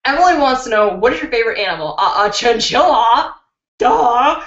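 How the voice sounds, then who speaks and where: A young woman speaks a little fast in a higher, animated and fairly bright voice during her beauty channel live stream. At home indoors, she answers viewers casually, talks openly and laughs a lot. The sound, recorded on a built-in computer mic, is dull and roomy.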